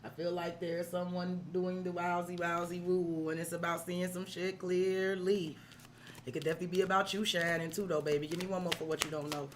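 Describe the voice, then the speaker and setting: Slight background noise accompanies a woman's fairly low, flat-sounding voice as she reads tarot a little fast on a live stream. Her talk to the client is casual and profane, peppered with "right?" check-ins.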